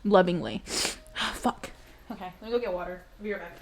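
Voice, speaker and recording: A woman's voice: lowish voice, a little fast, slight background noise. A young woman streamer in casual chat with her viewers, giggly and emotional, talking straight to her chat.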